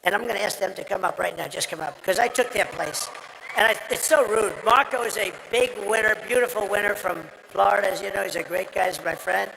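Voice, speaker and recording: A man's voice: high-pitched, a little fast, vocal fry, bright, forceful tone. A man giving a rambling, boastful campaign rally speech at a podium microphone, his voice strained and tiring after a long day. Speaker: political speaker at a rally. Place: large rally venue. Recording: reverberant venue with crowd noise.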